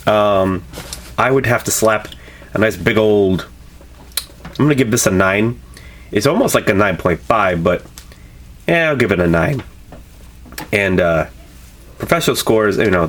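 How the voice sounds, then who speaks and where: Deep-voiced man rambling through a review. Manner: rambling, relaxed, lots of fillers and self-corrections. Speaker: energy drink reviewer. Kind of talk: casual product review vlog.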